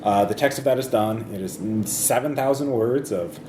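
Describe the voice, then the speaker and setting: A man's voice: mid-range voice, normal speed. A man hosting a casual group podcast, talking in a meandering, hesitant way and often correcting himself. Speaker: podcast host. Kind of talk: casual group chat about a tabletop campaign. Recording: echoey room with clear background noise.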